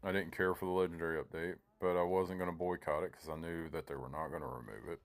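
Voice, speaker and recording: A man's voice: low voice, steady tone, fast. A man giving casual, rambling commentary over his own gameplay, often breaking off mid-sentence to replay his own panicked thoughts. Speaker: gaming YouTuber.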